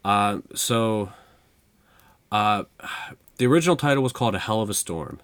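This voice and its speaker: A young man with a fairly low voice co-hosts a podcast, chatting loosely and joking his way through stories with lots of fillers. The recording is dry and close, with no room sound around him. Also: animated, normal speed, a bit bright, no room sound. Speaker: podcast co-host. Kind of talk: casual chat.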